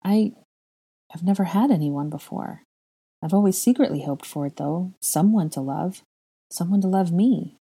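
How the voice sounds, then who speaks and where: A woman's voice: on the low side, moderate pace, dark tone, husky. A woman voicing a grieving, self-doubting young woman who sighs and hesitates, in a storybook reading. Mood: sorrowful. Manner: doleful, sighing, hesitant.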